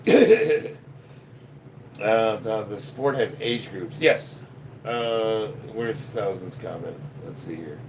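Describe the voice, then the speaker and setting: A man in his fifties from Chicago, talking on a live workout stream. His pitch swings around a lot as he jokes, swears and laughs through viewer comments. A faint hum of noise sits under his voice. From Chicago, United States. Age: 50s. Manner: profane, joking, laughs often. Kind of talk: casual live-stream chat reading comments.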